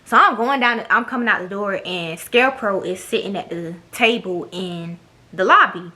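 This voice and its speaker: Sassy young woman vlogger, bright forceful voice, cussing through a storytime. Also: mid-range voice, normal speed, slight background noise. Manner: blunt, profane, sassy, mimics others. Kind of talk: casual storytime monologue.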